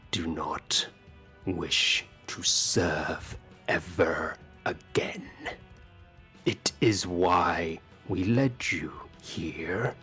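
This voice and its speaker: A man voicing a stern, weary goatman clan leader who speaks slowly and gravely, dropping into half-whispers. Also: sits low, fairly bright tone, heavily acted.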